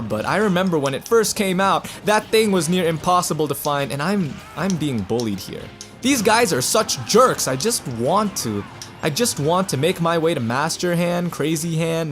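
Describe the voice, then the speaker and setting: A young man commenting while he plays a fighting game, rambling, stammering on restarts and correcting himself. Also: on the high side. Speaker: gaming channel host. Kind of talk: let's play commentary. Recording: game music in the background.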